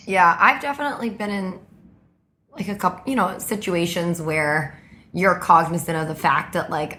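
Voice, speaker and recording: Woman, very low voice, hesitant casual talk, faint background hiss. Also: fairly quick, a bit bright. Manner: hesitant, hedging with fillers. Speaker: podcast guest. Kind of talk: casual conversation.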